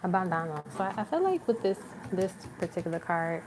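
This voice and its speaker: A woman's voice: fairly low pitch, very animated, a little fast, darkish tone, slight background noise, low-quality recording. A young adult woman giving a live tarot reading, talking in a casual, chatty way with lots of fillers and laughs. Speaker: tarot reader.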